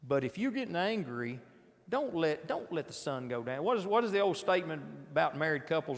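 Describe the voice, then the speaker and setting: A man gives a casual sermon in a church, his voice sitting a little high for a man and carrying a gravelly edge. He keeps turning to his listeners with rhetorical questions and restarts his sentences as he goes. The sound rings with the long echo of a large church hall. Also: animated, a little fast. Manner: conversational, asks the audience rhetorical questions, frequent restarts. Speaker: preacher leading a midweek Bible class. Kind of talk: informal sermon. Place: church auditorium.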